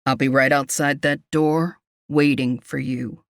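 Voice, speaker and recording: A woman voicing a gruff, devoted young male warrior in a storybook romance, lowering her voice. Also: fairly even intonation, measured pace, no room sound, clean studio sound, heavily acted. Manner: gruff and vowing.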